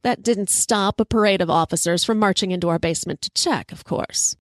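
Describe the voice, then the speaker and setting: A woman hosting a podcast, telling a personal story in a lively, conversational way. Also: medium pitch, fairly quick, no room sound. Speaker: podcast host. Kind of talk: storytelling monologue.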